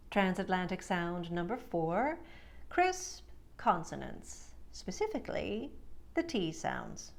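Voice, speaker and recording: A woman speech coach teaching an accent lesson, demonstrating vowels and consonants in slow, deliberate, drawn-out words. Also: medium pitch, animated, vocal fry.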